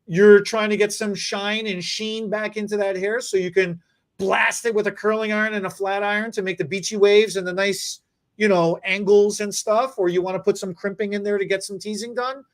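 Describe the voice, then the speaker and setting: A podcast host in casual chat, joking and rambling, often restarting sentences. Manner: animated, joking, rambling with restarts and repeated words; mock infomercial pitch. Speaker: podcast host and stylist educator.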